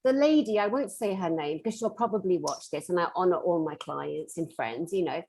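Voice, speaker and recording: A woman's voice: on the low side, normal speed, husky, low-quality recording. A woman working as a metaphysical therapist, telling a story on a conference panel and acting out the lines of the people in it. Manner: animated, acts out quoted dialogue.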